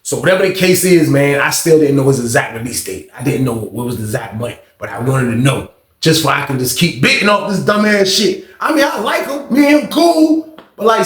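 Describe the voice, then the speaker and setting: Animated storytelling man, echoey room. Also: fairly high pitch, fairly quick, recorded from a distance. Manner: animated, slangy, laughing. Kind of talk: casual storytelling.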